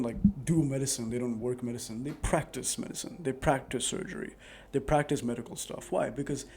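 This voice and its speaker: A man talks to his viewers about handling arguments. His tone is warm and relaxed, and he speaks in an earnest, rambling way with plenty of "like" fillers. It sounds like a casual advice vlog recorded on a microphone. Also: medium pitch, a little hiss or hum. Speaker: advice vlogger. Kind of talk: casual advice monologue to camera. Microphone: new dedicated microphone.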